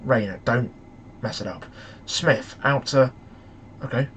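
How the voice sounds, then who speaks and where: A young man commentating on a football management game, excitable and shouting at the match in frustration. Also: mid-range voice, slow pace, slight background noise. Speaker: gaming YouTuber.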